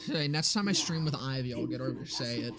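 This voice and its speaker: A man's voice: mid-range voice, animated, a little fast, a loud crowd. A young man from Canada chatting casually on a game stream, ranting animatedly and swearing freely.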